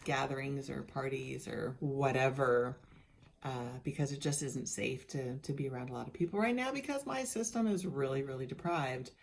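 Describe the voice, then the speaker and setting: A woman's voice: rumbling low, normal speed, gravelly. A middle-aged woman giving a casual personal video update, chatty and candid with many restarts, sounding worn out. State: worn out and tired. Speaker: vlogger sharing a health journey.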